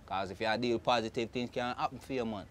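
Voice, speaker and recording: A man's voice: mid-range voice, fast, a little hiss or hum. A young man with a Jamaican accent, talking casually and loosely in an interview, often repeating "you know what I'm saying". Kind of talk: casual street talk in patois-tinged English.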